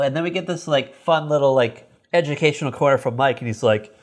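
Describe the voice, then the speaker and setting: A man co-hosting a podcast, casually recapping an old sitcom episode in a rambling, profane way. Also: brisk. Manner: rambling, profane, acts out characters in high voices. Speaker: podcast co-host.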